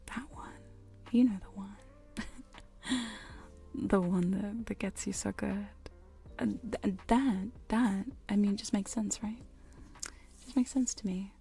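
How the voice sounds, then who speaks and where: A woman chatting in a soft, giggly whisper on a live hypnosis ASMR stream, close to studio mics in her home studio. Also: medium pitch, steady tone, measured pace, creaky, soft background music. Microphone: studio condenser and binaural mics.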